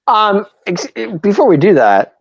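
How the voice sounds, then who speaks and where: A man co-hosts a casual chat with a lively, swooping voice and laughs easily. The sound is dry and muffled, like lo-fi audio. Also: high-pitched, unhurried, slightly rough, dry recording. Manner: laughs easily, talks with lots of ums. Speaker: podcast co-host.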